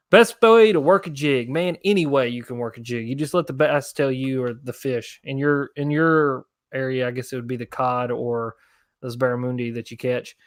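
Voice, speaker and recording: A young man chats loosely through viewer questions on a fishing livestream. His voice sits at a middle pitch and is recorded close and dry, with no room sound. He rambles easily and stays casual. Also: dry recording. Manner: laid-back, rambling, answering viewer questions. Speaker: fishing channel host.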